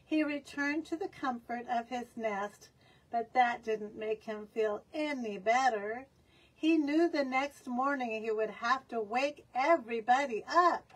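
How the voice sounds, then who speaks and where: A woman reading a picture book aloud for young children, expressive and asking them questions. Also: fairly high pitch, measured pace, husky, recorded from a distance. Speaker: children's storyteller. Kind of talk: storytime read-aloud.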